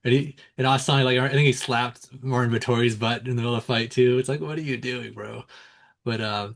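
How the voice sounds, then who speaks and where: A relaxed man co-hosting a sports podcast, talking in a loose, casual way. He chuckles between points and slips into mocking voices when he quotes people. His pitch sits in a middle range. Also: fast talker. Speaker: podcast co-host. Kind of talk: casual chat.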